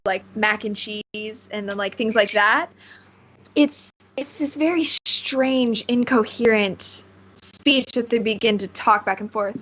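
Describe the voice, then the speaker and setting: A woman narrating a tabletop game as game master, relaxed and rambling with frequent fillers. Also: fairly high pitch, a little hiss or hum, low-quality recording.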